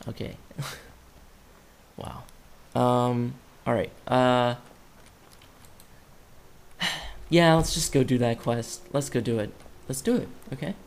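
Here a young male YouTuber chats with game characters while delivering loose, jokey let's play commentary. He speaks in a mid-range voice over background game music, with a faint hiss or hum on the recording.

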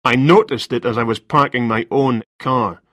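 A man's voice: mid-range voice, moderate pace, a bit bright, no echo, studio quality, close to an everyday voice. A man voicing a cool, formal male police detective in a story reading, questioning in a cold, polite manner. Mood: probing.

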